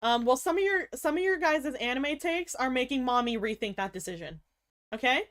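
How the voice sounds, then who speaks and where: Young woman streamer, lively, sweary, playfully indignant, a touch high-voiced. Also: normal speed. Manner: animated, swears a lot, mock-outraged, laughs often. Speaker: livestreamer chatting with viewers. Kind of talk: casual stream chat.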